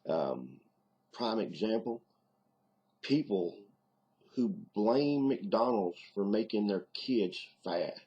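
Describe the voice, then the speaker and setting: Low southern guy rambling in his vlog, lots of ums, muffled lo-fi sound. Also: lively intonation, takes it slowly, dark tone, husky. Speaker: video diarist. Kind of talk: casual vlog monologue.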